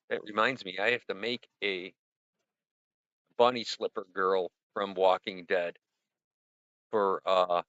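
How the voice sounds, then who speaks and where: A middle-aged man with a bright, forward voice, chatting loosely on a livestream. He rambles and sounds upbeat, throwing in a punchy "boom" now and then. The sound is dry and a little dull, like lo-fi stream audio. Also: dry recording. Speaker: livestream host. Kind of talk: casual livestream chat reviewing viewer art.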